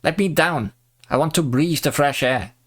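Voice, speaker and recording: A man voicing a small young oni girl who talks softly and pleadingly. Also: a little high, normal speed, voice pushed up, lightly acted. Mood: weary. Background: faint background music.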